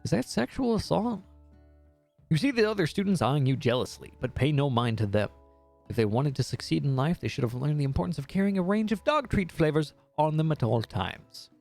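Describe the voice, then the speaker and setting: A young man reading a game aloud on stream, breaking off into crude jokes and self-mocking remarks. His voice is gravelly and swings up and down, with faint guitar music behind. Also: a little high, lively intonation, brisk, a little mellow. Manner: jokey, swears, self-mocking asides.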